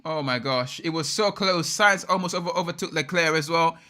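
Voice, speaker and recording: A young man hosts a live watch-along of a race and reacts in an excitable, slangy way. His voice is bright and forward and sits a little high, and he keeps chatting straight to his viewers between reactions. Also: fairly quick. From United Kingdom. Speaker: live stream host.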